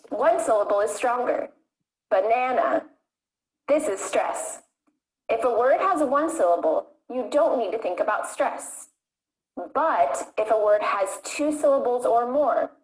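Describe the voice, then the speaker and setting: A woman teaching English pronunciation in a clear, deliberate, scripted way. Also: on the high side. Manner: clear, deliberate modeling of words. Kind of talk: scripted lesson narration. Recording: echoey room.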